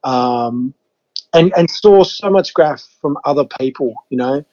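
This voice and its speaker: A man's voice: medium pitch, expressive, a little slow, dark tone, highs cut off. An Australian man in his fifties from Western Australia, telling stories casually as a podcast guest, swearing freely. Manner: laid-back, swears freely, acts out his own reactions. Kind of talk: casual storytelling.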